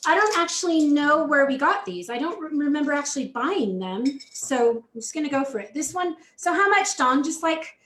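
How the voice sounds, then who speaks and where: A woman's voice: high voice, lively intonation, moderate pace, hardly any pauses, fairly bright tone, roomy sound. A woman hosting a live cooking chat from her home kitchen, talking casually and giggling as she cooks.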